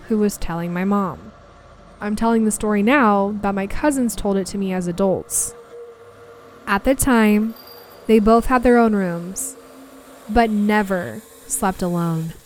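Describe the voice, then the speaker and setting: A young woman narrating a personal ghost story from her family in an earnest, steady way. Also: medium pitch, a little slow, a little hiss or hum.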